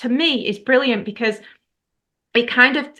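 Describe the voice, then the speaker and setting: A woman's voice: fairly high pitch, moderate pace, sharp tone. A woman interviewing a guest, asking long, thoughtful, winding questions. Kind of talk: casual interview.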